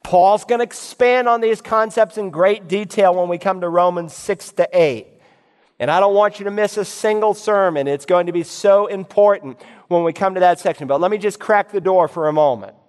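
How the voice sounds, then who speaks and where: A pastor with a voice that sits high for a man delivers an expository sermon at a moderate, smooth pace. He reads scripture aloud and directs his listeners with emphatic, teacherly insistence. A long reverb makes it sound like he's filling a large church sanctuary.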